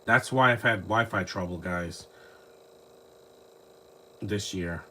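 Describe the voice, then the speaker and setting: A fairly low-voiced man talks loosely over a movie, circling back on his words and filling gaps with fillers. He records on a phone at home, with a faint hiss underneath. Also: slow pace, bright, forceful tone. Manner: rambling, frequent restarts and fillers. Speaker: live movie commentary host. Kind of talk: casual rambling commentary. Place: home, lives near trees.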